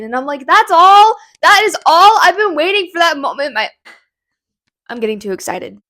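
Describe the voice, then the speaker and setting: Excited rambling young woman book vlogger. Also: a little high. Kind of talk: casual book review chat. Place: home kitchen by a window.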